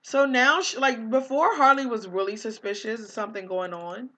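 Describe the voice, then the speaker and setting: Bright-voiced young woman chatting over gameplay. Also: fairly high pitch, moderate pace. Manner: chatty, exasperated, lots of "like" and "um". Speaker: gaming vlogger. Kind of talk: casual life-sim gameplay commentary.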